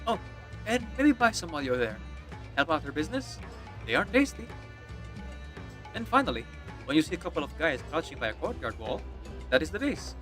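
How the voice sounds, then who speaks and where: A man's voice: fairly high pitch, very animated, brisk, long pauses, music in the background, voice pushed up. A man voicing a chatty local male guide, putting on an Indian accent. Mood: friendly. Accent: put-on Indian accent.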